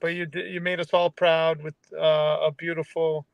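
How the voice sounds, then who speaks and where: A man giving a casual birthday greeting from his parked van, halting with many fillers. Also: a little high, level tone, gravelly, clear, resonant tone, no room sound, muffled recording. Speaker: guest.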